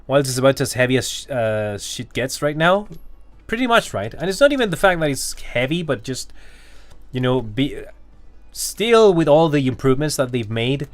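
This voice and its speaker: A man's voice: medium pitch, very animated, moderate pace, no room sound. A man streaming a game, chatting casually with viewers and thinking aloud, rambling with fillers. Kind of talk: casual live-stream chat while gaming.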